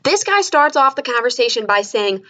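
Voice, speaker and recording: A young adult woman telling stories to camera in a casual, animated way, jumping up to high shrieks of disbelief. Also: moderate pace. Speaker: vlogger. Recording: dull lo-fi sound.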